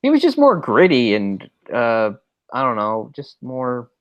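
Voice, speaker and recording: A man's voice: medium pitch, huge pitch swings, measured pace, highs cut off. Man chatting through a movie commentary. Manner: chatty, mimics characters in quotes. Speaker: commentary co-host.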